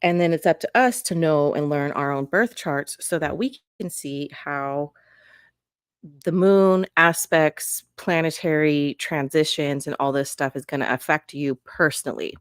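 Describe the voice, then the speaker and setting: In an unhurried, smooth, low voice, an astrology podcast host and reader makes casual, rambling conversation that keeps veering off mid-thought. She's recording on camera at home, and the audio is clean and studio-like, free of room sound.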